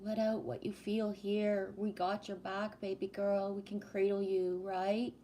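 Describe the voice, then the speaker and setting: A woman hosting a relaxed livestream and talking straight to her viewers. Her voice is projected and strong, her pitch sits in a middle range, and she is fond and familiar with the chat. A faint ambient hum sits under her voice. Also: unhurried. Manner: affectionate, calls viewers sweetie. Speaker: livestream host reading chat. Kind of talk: casual live-stream chat with viewers.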